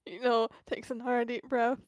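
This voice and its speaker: A woman's voice: a little high, flat delivery, normal speed, a little mellow, no room sound, dull audio. A woman player narrating her character's actions in a casual tabletop game, often laughing. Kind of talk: casual tabletop role-play.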